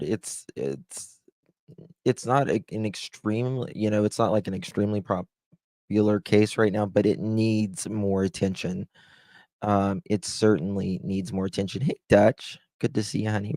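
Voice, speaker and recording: Male stream host, relaxed chat style, affectionate with his viewers, lowish voice, dead dry sound in a room at home. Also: moderate pace, no room sound. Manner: greets viewers by name with pet names. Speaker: true crime live-stream host. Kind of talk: casual live-stream chat. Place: room at home with blinds closed.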